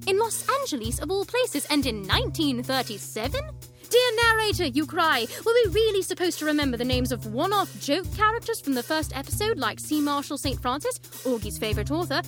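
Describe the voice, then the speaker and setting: A woman's voice: sits high, a bit bright. A woman narrating a comedic audio drama in a theatrical, teasing manner.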